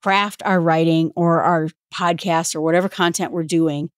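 A woman's voice: fairly low pitch, fairly even intonation, normal speed, dry recording, clean studio sound. A woman hosting a solo podcast in a chatty, self-deprecating way, reading out quotes from a book now and then. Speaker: podcast host. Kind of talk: casual solo podcast talk.

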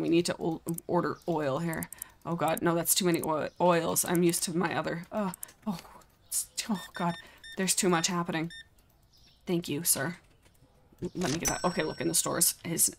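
A woman with a low, gravelly voice giving live game commentary, flustered and joking as she talks to the customers on screen. A faint hiss sits under her voice. She keeps up a running stream of self-mocking remarks. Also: fairly even intonation, normal speed.

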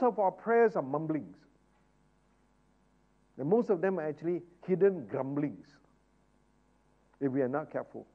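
A man preaches at a Bible study, asking rhetorical questions. His voice sits high and moves a lot, from quiet asides up to fervent calls. The recording is muffled and lo-fi. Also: animated, a little slow, long pauses. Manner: swings from hushed asides to loud, fervent exhortation. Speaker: pastor leading Bible study. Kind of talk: sermon-style Bible teaching.

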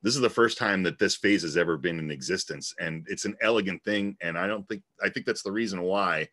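A man's voice: deep voice, a little fast, sharp tone. A man explaining a magic routine in casual chat, earnest and detailed.

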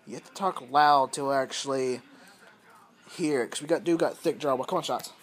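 A man's voice: medium pitch, moderate pace, a little hiss or hum. A man vlogging from his home, telling a long story in a loose, rambling, profane way and repeating himself often, recorded on a phone camera. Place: at home, indoors.

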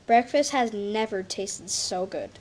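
Slow-reading woman with a storybook. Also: medium pitch, expressive, darkish tone, a little hiss or hum. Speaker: story reader. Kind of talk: reading a picture book aloud.

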